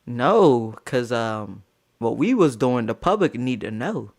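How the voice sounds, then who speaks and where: A young man voicing a blunt, shameless young woman in his story, flat and matter-of-fact. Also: mid-range voice, slow pace, full character voice.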